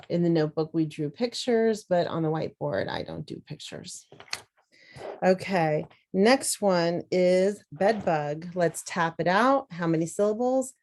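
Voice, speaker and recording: A woman teacher, slowly and carefully sounding out words in an instructional demonstration. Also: fairly low pitch, darkish tone, a little hiss or hum, rough recording. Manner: slow, deliberate, sounding out words.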